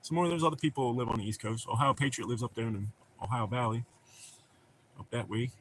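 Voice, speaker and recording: A man's voice: medium pitch, animated, a little fast, fairly bright tone, slight background noise. A middle-aged man with a Southern American accent, chatting casually and telling rambling, profane stories on a stream. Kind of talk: casual chat.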